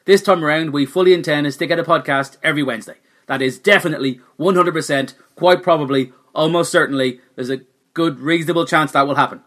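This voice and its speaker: A man's voice: fairly high pitch, fast, a bit bright. A man introducing his comedy podcast with wry, self-mocking humour. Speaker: podcast host. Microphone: new studio microphone.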